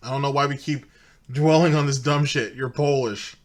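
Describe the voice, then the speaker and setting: A man's voice: mid-range voice, fairly even intonation, moderate pace. A man hosting a commentary show, talking casually in a mocking, exasperated way. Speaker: commentary channel host.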